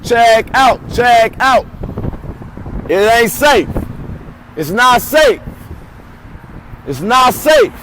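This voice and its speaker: A man's voice: extremely high pitch, sing-song, drawn-out words, pauses often, fairly bright tone, slight background noise, low-quality recording. A man giving a livestreamed protest speech outdoors into a phone, chanting and rallying.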